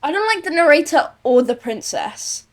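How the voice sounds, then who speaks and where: A woman's voice: high voice, lively intonation, moderate pace. A woman giving casual, blunt gameplay commentary, swearing and reading choices aloud. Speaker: gameplay streamer.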